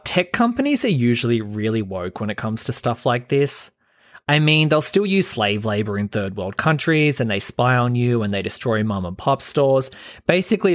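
A man's voice: medium pitch, no echo. Young aussie guy dishing celeb gossip, shady and sarcastic, dry close sound. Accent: Australian. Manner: sarcastic, shade-throwing. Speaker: host. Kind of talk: gossip commentary vlog.

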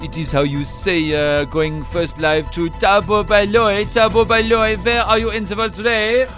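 A playful man anchors a spoof news bulletin in a deliberately clumsy French accent. His voice sits high and bright in the register. Light music plays faintly underneath. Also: fairly even intonation. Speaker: comedy radio host.

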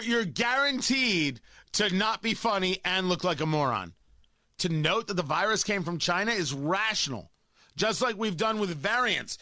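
A man with a high, bright, forceful voice delivers heated, mocking political commentary. The sound is dry and close, with no room around it. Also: no room sound.

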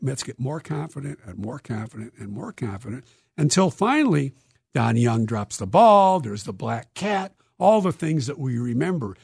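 A man, an author being interviewed, telling stories in a lively, dramatic way and acting out quotes. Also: medium pitch, vocal fry, breathy edge, no room sound, clean studio sound. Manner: lively, dramatic storyteller who acts out quotes. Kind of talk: animated interview storytelling.

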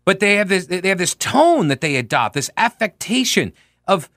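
Sarcastic, animated male talk host. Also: high voice, moderate pace, no room sound, clean studio sound. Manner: sarcastic, incredulous asides. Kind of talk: opinionated political commentary.

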